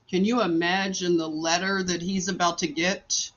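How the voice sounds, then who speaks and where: A woman's voice: fairly low pitch, flat delivery, moderate pace, a bit bright, lo-fi sound. A woman live streaming from a hospital room, telling a story in casual chat, laughing often and acting out what people said. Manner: chatty, laughs often, acts out quotes.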